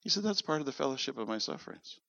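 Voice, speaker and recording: A man's voice: mid-range voice, very fast, gravelly, dry recording. A man preaching in church, telling a personal story and acting out the dialogue with animation. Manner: animated, acts out quoted dialogue. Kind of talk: sermon storytelling. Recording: dull lo-fi sound.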